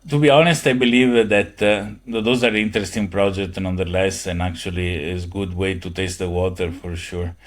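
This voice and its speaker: Low-voiced man, halting speech. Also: steady tone. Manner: halting, many fillers, non-native phrasing. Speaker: guest. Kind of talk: conversational interview.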